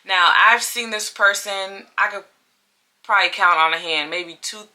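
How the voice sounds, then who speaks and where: Bright-voiced woman telling a story. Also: medium pitch, a little slow. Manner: animated, chatty, repeats phrases for emphasis. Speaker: vlogger. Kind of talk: casual storytime.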